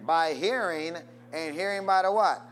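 A man preaching a sermon, constantly calling out questions for the congregation to answer and urging them to say amen. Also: measured pace. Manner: call-and-response preaching with wide swings in pitch and loudness.

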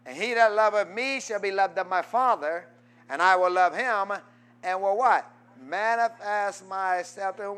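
A man pastor preaching a sermon, quizzing his congregation in call-and-response and swinging from loud exhortation to low asides. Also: unhurried, smooth.

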